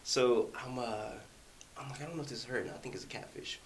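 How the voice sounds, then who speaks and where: A young man hosting a casual chat, telling a long story and acting out the quotes with lively jumps in his voice. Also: medium pitch, fast. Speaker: podcast host. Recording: faint hiss.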